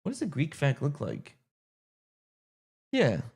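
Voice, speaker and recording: Male streamer, casual live chat, thinks out loud, answers chat, animated and expressive. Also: on the high side, takes it slowly, gravelly, slightly rough. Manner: chatty, thinks aloud, answers viewer chat. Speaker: streamer and game master.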